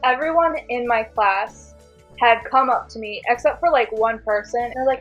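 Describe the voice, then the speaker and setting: A woman's voice: on the high side, normal speed, a bit bright, muffled recording, soft background music. A young woman, a channel host, telling her own story in casual storytime chat, full of "like" and little laughs. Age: young adult.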